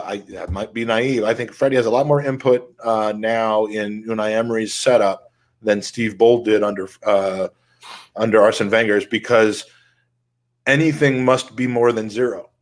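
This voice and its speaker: A man's voice: fairly low pitch, steady tone, moderate pace. A man co-hosting a casual football podcast, easygoing and using uh fillers as he reads out listener questions. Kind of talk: casual chat.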